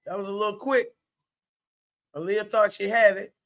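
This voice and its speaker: A woman streaming live play-by-play commentary in a chatty, colloquial way, exclaiming loudly at good plays. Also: mid-range voice, steady tone, normal speed.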